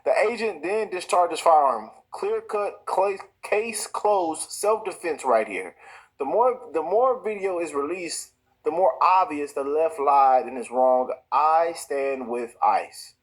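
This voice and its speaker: A man with a slightly high, animated voice rants slowly through his own show. The commentary is heated and repetitive, full of restarts, and the recording sounds rough.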